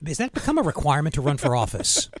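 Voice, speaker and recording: Quick wisecracking radio co-host man. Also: a little high, wildly swooping pitch. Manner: wisecracking, sardonic. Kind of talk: casual on-air banter. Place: radio studio. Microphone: studio microphone.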